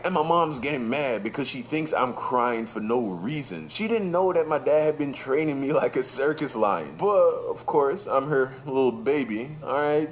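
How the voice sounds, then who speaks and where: Animated young man telling a story. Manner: jumps into a high crying child voice for his younger self. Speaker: storyteller in a played video.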